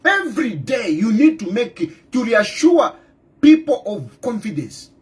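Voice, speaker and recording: A middle-aged man with a Zambian accent delivering an impassioned political monologue, repeating his points and firing off rhetorical questions with loud outbursts. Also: very high voice, big pitch swings, unhurried. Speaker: opposition party leader.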